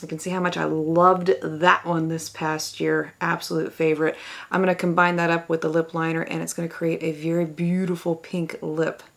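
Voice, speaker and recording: A woman's voice: low voice, level tone, normal speed, vocal fry. A woman talking to camera in a makeup tutorial, enthusiastic and exclaiming over the products she applies. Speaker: beauty vlogger.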